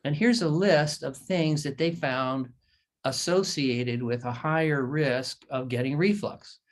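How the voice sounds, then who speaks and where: A man's voice: on the high side, measured pace. Man, surgeon, patient education talk, folksy stories, emphatic repetition, computer mic. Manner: repeats points emphatically, tells folksy stories. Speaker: surgeon explaining diet to patients. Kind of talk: patient education talk over a shared screen.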